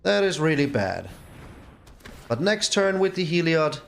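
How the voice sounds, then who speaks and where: A man's voice: on the high side, sing-song, a little slow, creaky, soft background music. A man hosting his own gaming channel, giving casual gameplay commentary and exclaiming in exasperation at his bad luck.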